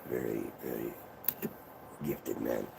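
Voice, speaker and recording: A man from Israel hosting a livestream, telling family stories in a casual, profane, animated way. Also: extremely low pitch, slow pace, gravelly, noisy background. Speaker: livestream host. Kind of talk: casual storytelling.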